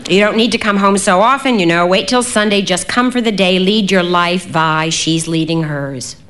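A woman voicing a controlled middle-aged mother who speaks emphatically and briskly. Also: medium pitch, a bit bright, close to an everyday voice. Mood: firm.

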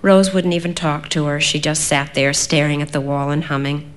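A woman voicing a worried middle-aged father who speaks quietly and haltingly, apologizing as he goes. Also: lowish voice, natural voice. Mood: weary.

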